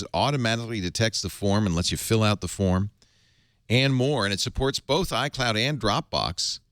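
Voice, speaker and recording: Low-voiced guy hosting a tech podcast, super animated, dry close sound. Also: no room sound. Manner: jokey, laughs often, lively delivery. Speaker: podcast host. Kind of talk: casual tech podcast chat and host-read ad.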